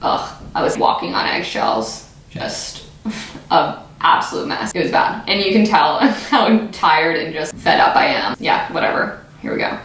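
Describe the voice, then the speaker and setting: A woman's voice: deep voice, very animated, a little slow, fairly bright tone. Young adult woman from the US for a reaction vlog. Candid, chatty, self-deprecating; very echoey room. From United States. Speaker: vlogger. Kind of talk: casual reaction commentary.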